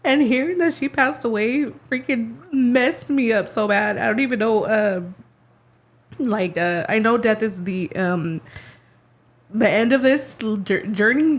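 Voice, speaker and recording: Tearful woman. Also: medium pitch. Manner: rambling and heartfelt, full of fillers and restarts. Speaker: podcast co-host. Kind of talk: casual podcast chat. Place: podcast studio.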